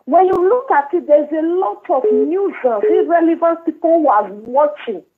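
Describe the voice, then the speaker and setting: A woman's voice: sits high, animated, normal speed. A Nigerian woman caller, calling in to a live show to reassure the host earnestly. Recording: tinny phone line.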